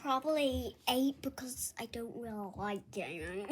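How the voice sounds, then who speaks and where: Young woman, high voice, slow unhurried talk, giggly, hesitant, noisy background. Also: expressive. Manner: giggly, hesitant, makes playful sound effects. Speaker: guest rating fidget toys. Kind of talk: casual chat. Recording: clear background noise.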